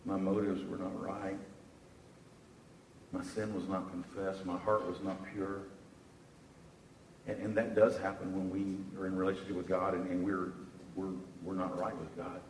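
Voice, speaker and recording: A man preaching a sermon, telling a Bible story with animated rises and restarts. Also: low voice, normal speed, a little hiss or hum. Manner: animated storytelling, repeats words while searching. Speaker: pastor. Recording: echoey room from far off.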